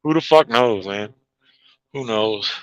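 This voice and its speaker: A man's voice: on the low side, slow, no room sound, rough recording. A man ranting in a heated, profane monologue to his viewers, laughing at his own jabs. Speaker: channel host.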